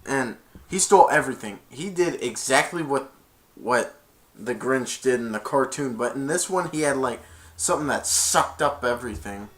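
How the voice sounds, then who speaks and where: A man's voice: mid-range voice, expressive, moderate pace, a bit bright. A man giving a casual film review, retelling the plot in a rambling way with many restarts. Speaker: movie reviewer.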